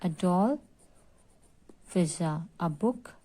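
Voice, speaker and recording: A woman's voice: lowish voice, expressive, dark tone. A woman teacher with a Pakistani English accent, reading a story aloud to a class and asking questions. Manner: reads aloud slowly, explaining and asking questions.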